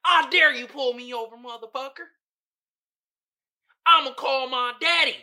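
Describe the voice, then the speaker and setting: A man putting on the voice of a brash, entitled young white man mouthing off to police, in a taunting, cocky, yelling manner. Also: very high voice, measured pace, pitched above the performer's own voice, heavily acted.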